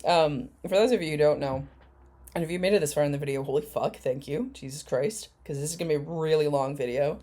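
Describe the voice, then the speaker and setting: Low-voiced sarcastic woman commentator. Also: fast talker, warm tone. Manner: sarcastic, profane, mocking. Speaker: commentary YouTuber. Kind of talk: reaction commentary.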